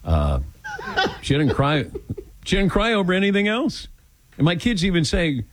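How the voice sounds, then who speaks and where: An older male radio host chatting casually with callers and co-hosts, his pitch swinging up and down as he tells self-deprecating stories and acts out what people said. The sound is close and dry, with no room around it. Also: normal speed, long pauses, dry recording. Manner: self-deprecating, animated storytelling with acted-out quotes. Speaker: radio talk show host. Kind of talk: casual call-in chat.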